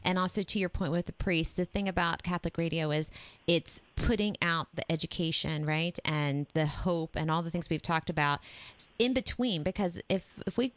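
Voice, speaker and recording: Low-voiced woman hosting a fundraiser. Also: no echo. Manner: brisk and encouraging, frequent fillers. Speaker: radio host. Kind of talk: fundraising radio chat.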